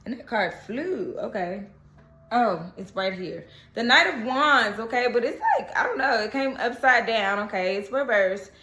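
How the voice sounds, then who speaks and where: A woman giving a casual, animated tarot reading, often checking in with "okay?" and repeating reassurances. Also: on the high side, measured pace. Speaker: tarot reader. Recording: echoey room with faint noise.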